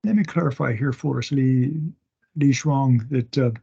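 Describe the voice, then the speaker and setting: A man teaches a class over an online meeting from his home, taking his time and repeating words as he sounds them out. His voice is low in brightness and has a husky, gravelly texture. The meeting audio sounds dull and lo-fi. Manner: slow, halting, with many restarts and fillers. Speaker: instructor. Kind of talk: recorded class lecture. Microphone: online meeting recording.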